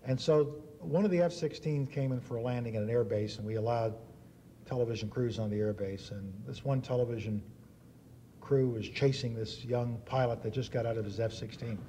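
A man in his fifties giving an after-dinner speech. He spins anecdotes and acts out the quotes in a mellow, relaxed voice at an ordinary pitch. Faint room noise sits underneath. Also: brisk. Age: 50s. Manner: anecdotal storytelling with acted quotes. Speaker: dinner speaker. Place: banquet hall.

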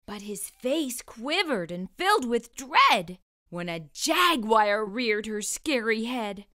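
A woman narrating a rhyming children's picture book at a slow, careful pace, her voice bright and full of lift. The sound is close and dry, with no room around it. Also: a little high, sing-song, no echo. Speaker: storyteller. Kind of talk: children's storybook read-aloud.

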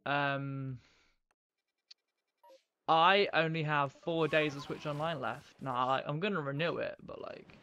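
A man's voice: a little high, fairly even intonation, a little slow, long pauses, bright, forceful tone, faint music behind. A man live-streaming a game, chatting in a rambling, casual way to his viewers as he plays. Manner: rambling, chatty, talks to viewers while playing.

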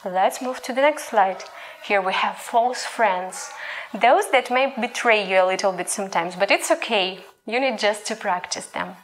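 A woman's voice: medium pitch, moderate pace, slight background noise. A young woman with a Ukrainian accent, a native Ukrainian speaker teaching a language lesson in English and patiently modelling each sound aloud.

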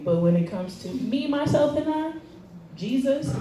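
Slow-talking woman preacher in an echoey hall. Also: a little high, sing-song, dark tone, distant mic, a little hiss or hum. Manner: chatty, laughing, self-deprecating. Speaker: guest speaker. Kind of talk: casual sermon. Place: church hall. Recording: echoey hall, recorded from afar.

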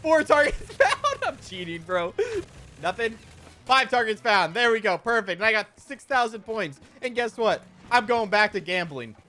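A man giving casual gameplay commentary, excitable, often swearing and laughing at surprises. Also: sits high, normal speed. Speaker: gaming YouTuber.

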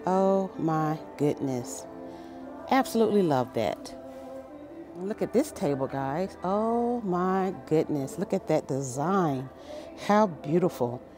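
A woman with a lowish, warm voice tours a big furniture store with her phone and gushes over every piece. Her pitch swings widely as she exclaims, and faint store music plays in the background. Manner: gushing, enthusiastic, exclaims often. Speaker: shopping vlogger. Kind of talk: casual store walkthrough vlog. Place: large furniture store, indoors.

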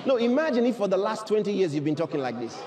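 A man preaching a sermon to a live congregation, fervent and emphatic, often shouting and firing rhetorical questions at the crowd. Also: high voice, very animated, fast talker, background noise. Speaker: pastor.

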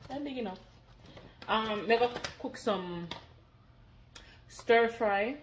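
A woman's voice: on the high side, takes it slowly, a little hiss or hum. A woman vlogger, chatting casually and laughing often as she films her day. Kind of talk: casual vlog chat.

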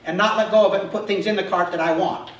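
High-voiced pastor preaching in an echoey hall. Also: male voice, fast. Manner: self-deprecating, animated storytelling. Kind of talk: sermon with humorous personal stories. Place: church sanctuary. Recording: echoey hall, mic from far off.

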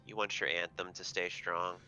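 A man's voice: deep voice, flat delivery, moderate pace, bright, forceful tone, highs cut off. A man chatting on a game stream, explaining cards with dry humor. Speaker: voice actor, streaming guest. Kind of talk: casual chat while gaming.

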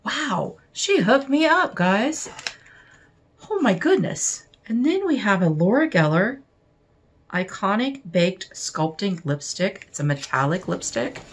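A woman unboxing beauty products at home, chatting casually and gushing with excitement, now and then dropping to a soft whisper. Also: medium pitch, slow pace, breathy edge. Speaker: beauty vlogger unboxing mail.

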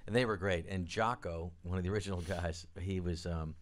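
A man, a guest on a live studio interview, telling rambling, animated stories and acting out the people he quotes. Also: deep voice, fairly quick. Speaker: guest, record producer and drummer. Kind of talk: anecdotal storytelling interview.

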